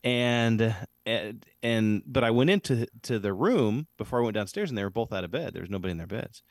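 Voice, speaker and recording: A man in his thirties, a podcast co-host, telling a casual story with lots of fillers and animated retellings. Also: on the low side, brisk, dry recording, clean studio sound.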